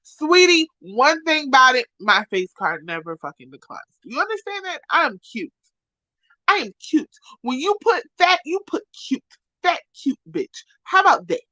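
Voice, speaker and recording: Woman, live-stream rant, profane insults, bright sharp voice, dry close sound. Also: high-pitched, sing-song, moderate pace, no echo, rough recording. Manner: profane, insulting, repetitive, swings from shouting to muttering.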